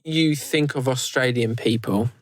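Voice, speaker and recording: A man's voice: mid-range voice, measured pace, no echo. A man hosting a podcast in casual chat, rambling loosely with many restarts. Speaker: podcast host.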